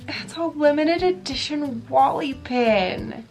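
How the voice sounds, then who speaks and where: A woman vlogging as she opens gifts, gushing and excited, near tears, with a chatty manner full of fillers. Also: high voice, takes it slowly, long pauses, soft background music. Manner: gushing, excited, breathy gasps, many fillers. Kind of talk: casual vlog chat.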